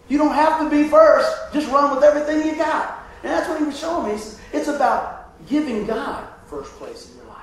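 A man preaching a sermon with call-and-response, asking for amens and swinging from hushed, drawn-out lines to loud ones. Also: sits high, a little hiss or hum. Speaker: pastor. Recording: echoey room picked up from far off.

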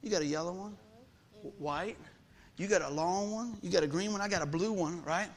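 A man preaching a lively sermon, calling out questions to the congregation and repeating his key phrases. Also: sits high, a little fast.

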